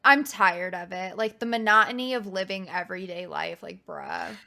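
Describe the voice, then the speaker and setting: A woman's voice: mid-range voice, very animated, normal speed, vocal fry, pushed and bright. A woman co-hosting a podcast in casual chat, blunt and emphatic, with casual swearing. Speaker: podcast co-host.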